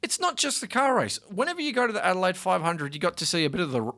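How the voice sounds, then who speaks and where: A young Australian man co-hosts a casual radio chat, worked up and indignant as he makes his case. His pitch swings widely from phrase to phrase, and he laughs often between points. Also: animated, fast, bright, forceful tone. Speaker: student radio co-host.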